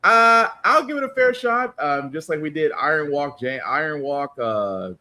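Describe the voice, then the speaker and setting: Animated casual podcast man. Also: a little high, normal speed. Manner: loose, joking, lively delivery. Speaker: podcast co-host. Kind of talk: casual chat.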